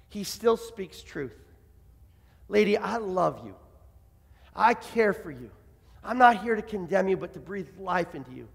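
A man's voice: high-pitched, expressive, unhurried, vocal fry, slightly rough, big-room sound. A man preaching a sermon as pastor, impassioned and acting out the voices he quotes.

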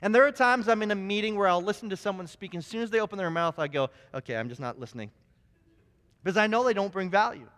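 Man, high-pitched, lively sermon storyteller, long room reverb. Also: very fast, few pauses. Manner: storytelling, animated, many restarts. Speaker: preacher. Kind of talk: sermon with personal stories.

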